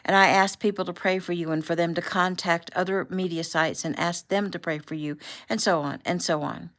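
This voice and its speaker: A woman voicing an excitable, emotional woman journalist who squeals and gushes as she talks. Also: lowish voice, fairly quick, lightly acted. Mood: gushing.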